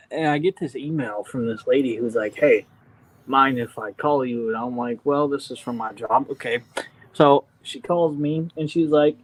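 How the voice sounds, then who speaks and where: A man talking casually on a podcast, winding through a story with frequent fillers and restarts. His voice sits at an everyday middle pitch. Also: a little mellow, poor audio. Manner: rambling storyteller with many fillers. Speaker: podcast co-host. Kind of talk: casual chat.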